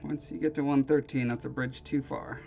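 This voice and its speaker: A man's voice: medium pitch, fairly even intonation, moderate pace, creaky, darkish tone, faint music behind. Rambling man on a lo-fi live stream. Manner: rambling, hesitant, self-deprecating. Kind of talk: casual chat with viewers. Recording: dull lo-fi stream audio with faint noise.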